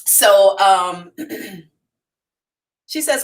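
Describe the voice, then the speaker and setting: A woman hosting a psychic livestream, telling a story to her viewers in a frank, animated way, swearing casually and addressing them directly. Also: mid-range voice, measured pace, far from the mic, poor audio. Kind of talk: storytelling to a live audience.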